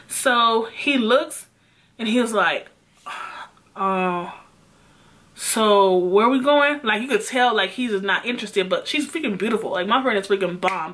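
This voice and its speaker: Young woman, vlogger, storytime telling, animated, emphatic, mid pitch. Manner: animated, emphatic retelling with frequent swearing. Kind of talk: storytime vlog.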